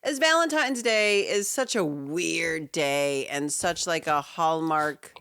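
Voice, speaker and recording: A woman co-hosting a podcast in casual chat, sick and stuffy, talking in an animated, laughing way over a remote setup. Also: deep voice, slow pace, smooth, no echo. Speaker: podcast co-host. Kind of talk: casual chat rewatching a sitcom. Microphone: remote call setup.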